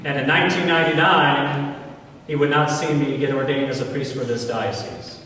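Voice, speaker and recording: Earnest priest in echoing church. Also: male voice, medium pitch, steady tone, pushed and bright, slight background noise. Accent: American. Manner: earnest, slow storytelling with emphatic pauses. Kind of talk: personal homily. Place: large church. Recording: echoey church hall from far off.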